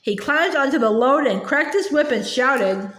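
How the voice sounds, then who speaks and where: A woman reading a children's novel aloud in a gentle storytelling manner, with small slips and restarts. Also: high-pitched, expressive, normal speed. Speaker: audiobook reader. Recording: echoey room.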